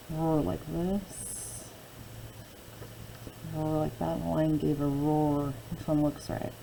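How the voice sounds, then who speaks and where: A woman with a low, gravelly voice takes a phonics spelling lesson slowly. She is patient and repeats every word several times. She asks the listener questions as she goes. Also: mellow, a little hiss or hum, low-quality recording. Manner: slow, patient, repeating words and asking questions. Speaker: teacher.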